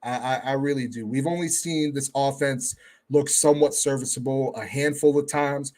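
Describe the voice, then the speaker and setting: A man on as a guest who talks football in a casual, measured way, often hedging his points. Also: medium pitch. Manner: relaxed, measured, hedging with "I mean". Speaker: guest fan analyst. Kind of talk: casual sports talk.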